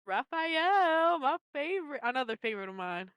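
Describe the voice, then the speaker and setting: High, lively young woman chatting. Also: normal speed, no room sound, clean studio sound. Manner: giggly, animated retelling with lots of "like". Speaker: podcast co-host. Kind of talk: casual chat.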